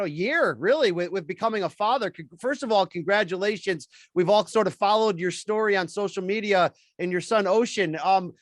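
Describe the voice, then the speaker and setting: High-voiced man hosting an interview. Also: fairly bright tone, dry recording. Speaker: interview host. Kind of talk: casual interview questions.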